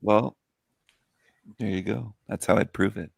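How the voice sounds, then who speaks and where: A man's voice: lowish voice, steady tone, a little slow, vocal fry, breathy edge. A man on a panel teasing others with crude questions.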